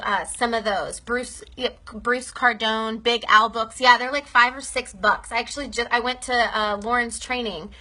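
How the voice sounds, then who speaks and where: A woman's voice: a little high, bright, forceful tone. A young woman giving a casual training talk to her sales team, upbeat and chatty, often checking in with "okay?".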